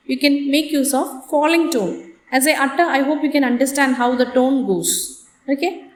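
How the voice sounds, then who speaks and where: High-voiced woman teaching in an echoey room. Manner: slow, deliberate explanations with repeated examples and checking questions. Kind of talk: classroom lecture.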